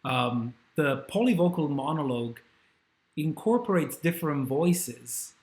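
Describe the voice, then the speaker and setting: A man's voice: a little high, animated, measured pace, darkish tone. A man giving an academic talk, enthusiastic and hesitating with fillers. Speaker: scholar and speaker.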